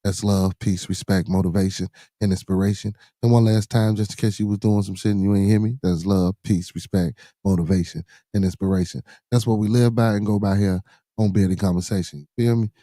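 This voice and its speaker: Alone on a live stream in his home studio, a middle-aged Chicago-accented podcast host talks a little fast in a low, mellow voice with fairly even intonation. He uses laid-back street slang, repeats catchphrases like "you know what I'm saying" constantly and calls out to viewers in the chat; the recording is dry and close.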